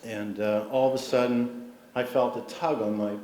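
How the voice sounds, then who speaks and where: A middle-aged man accepts an award in a large civic hall, telling warm, humorous family anecdotes. His mid-range voice holds fairly even intonation at normal speed. The roomy hall adds faint ambience, with a little hiss or hum.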